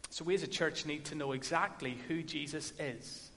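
A man preaching a sermon, telling a story and building to forceful emphasis. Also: a little high, moderate pace. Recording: echoey hall with long reverb.

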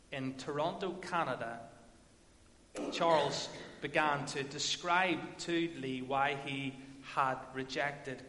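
A man preaching a sermon, telling a story and building to forceful emphasis. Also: a little high. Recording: echoey hall with long reverb.

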